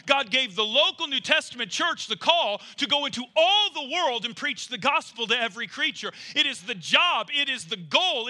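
A man's voice: very high-pitched, sharp tone. A man preaching a sermon from the pulpit as pastor, with a fervent, repetitive cadence.

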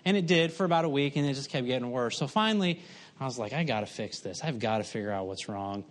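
A man's voice: medium pitch, animated, quick pace. A middle-aged man preaching, telling a folksy, self-mocking story with humor. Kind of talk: sermon.

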